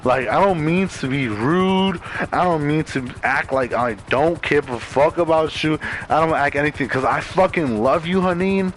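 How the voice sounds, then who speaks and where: A man's voice: a little high, normal speed, a little hiss or hum, rough recording. Rambling young man venting over a headset. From Maryland, US. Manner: rambling, profane, heavy on "like" fillers. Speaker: gamer in voice chat. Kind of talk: casual venting chat. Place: bedroom at home.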